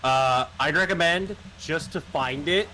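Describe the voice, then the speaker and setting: A man's voice: a little high, measured pace, bright, forceful tone, a little hiss or hum. A man coaching a friend through a video game in casual chat, repeating his instructions and teasing. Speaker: gamer guiding a friend.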